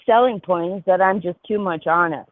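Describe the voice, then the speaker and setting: A woman's voice: on the low side, moderate pace, dry recording. A woman chatting candidly on a call, rambling and laughing easily. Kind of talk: casual chat. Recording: tinny phone-like call line.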